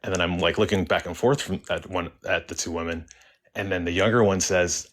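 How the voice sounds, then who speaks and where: A young man casually telling a first-person story as a caller, halting and restarting with many likes and ums. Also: low voice, fairly even intonation, a bit bright.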